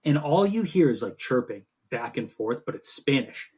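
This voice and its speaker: A man co-hosting a sports podcast, telling rambling, animated stories in casual chat. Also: mid-range voice, normal speed, husky. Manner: rambling, animated storytelling with swearing. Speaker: podcast co-host.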